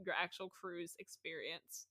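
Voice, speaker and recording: A woman's voice: fairly low pitch, steady tone, measured pace, sharp tone. A young woman hosting a casual interview, friendly and eager, reacting often and asking easy questions. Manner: friendly, eager, lots of "like" and "that's so funny". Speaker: host.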